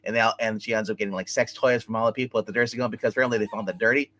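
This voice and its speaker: A man co-hosting a casual TV review chat, excitedly retelling scenes with lots of fillers. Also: on the low side, rapid-fire. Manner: animated retelling, acting out scenes, many fillers. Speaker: co-host reviewing a TV episode.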